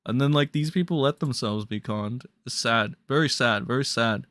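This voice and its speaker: A man's voice: mid-range voice, normal speed, dry recording. A young man ranting bluntly and crudely as a drama commentary streamer on a livestream. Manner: blunt, crude, ranting with sudden loud jumps.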